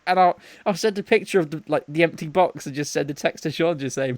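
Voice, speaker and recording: A man's voice: fairly high pitch, fast, hardly any pauses, no echo. A man co-hosting a podcast, telling a story casually and acting out his friends' lines. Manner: animated storyteller, acts out friends' lines with laughs. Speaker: podcast co-host.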